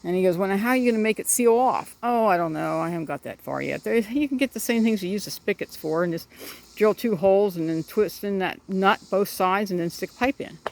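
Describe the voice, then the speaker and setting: A woman's voice: medium pitch, fairly quick, gravelly, darkish tone. Chatty middle-aged woman rambling outdoors. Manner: chatty, rambling, talks to her birds. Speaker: backyard chicken keeper. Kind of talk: casual rambling vlog. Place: outdoors in a backyard garden.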